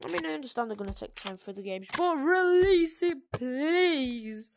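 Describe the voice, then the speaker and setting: A young woman giving chatty, excitable commentary while playing a VR game, swinging from muttering to sudden shrieks. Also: on the high side, moderate pace, gravelly. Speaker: gaming video creator. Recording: noisy gameplay recording.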